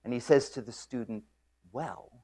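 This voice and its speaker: A man lecturing on physics, explaining at a board in a joking storytelling way and often clearing his throat. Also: fairly high pitch, sing-song, measured pace. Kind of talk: classroom lecture.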